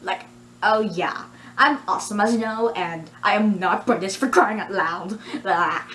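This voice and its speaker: Woman playing a cocky girl idol, loud, swaggering, drawling, mid pitch. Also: unhurried, a little hiss or hum, lightly acted. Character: brash, cocky young female pop idol.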